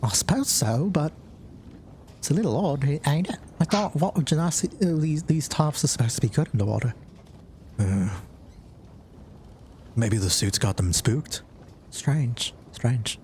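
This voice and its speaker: A man's voice: mid-range voice, expressive, unhurried, long pauses, a little mellow, slight background noise, natural voice. Man doing a fussy bunny tinkerer with an accent. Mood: puzzled. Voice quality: put-on accent. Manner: chatty, muttering and puzzled. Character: fussy male bunny suit designer.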